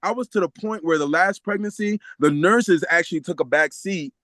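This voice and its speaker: Animated man telling a story. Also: sits high, normal speed, no room sound. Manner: animated, acts out the voices in his story; laughs often while telling. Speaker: podcast guest. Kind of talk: storytelling in a casual interview.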